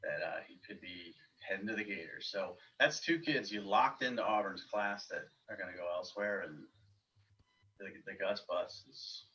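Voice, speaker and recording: A man's voice: deep voice, moderate pace, sharp tone. A man from the Northeastern US, a recruiting analyst on a casual podcast, giving blunt, confident opinions over distant, dull remote audio.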